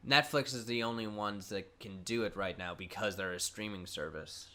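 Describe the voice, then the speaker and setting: Bright-voiced man, low pitch, casual podcast chat. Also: normal speed. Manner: casual, hesitant, many fillers and restarts. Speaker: podcast co-host.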